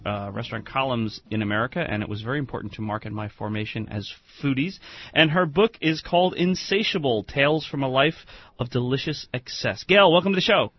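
A man hosting a restaurant talk radio show, telling amused stories in easy banter. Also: mid-range voice. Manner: chatty, amused storyteller. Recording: dry, slightly muffled studio mic.

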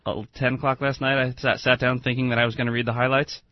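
A man's voice: medium pitch, level tone, fast, dry recording. A man hosting a restaurant talk radio show, telling amused stories in easy banter. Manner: chatty, amused storyteller. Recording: dry, slightly muffled studio mic.

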